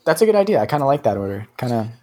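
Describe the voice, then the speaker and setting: A man's voice: medium pitch, sing-song, racing, mellow. A man from New Hampshire co-hosting a podcast, chatting casually and laughing easily. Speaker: podcast co-host. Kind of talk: casual chat.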